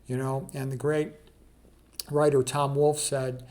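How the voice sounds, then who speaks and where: A man's voice: medium pitch, flat delivery, a little slow, darkish tone. A man casually presenting an art slideshow, blunt and emphatic, with frequent "okay" and "you know".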